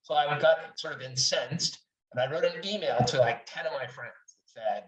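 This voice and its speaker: A man's voice: fairly high pitch, moderate pace. Candid middle-aged man, distant roomy audio. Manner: candid and enthusiastic, swears freely. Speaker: guest, wine writer. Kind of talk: casual interview chat.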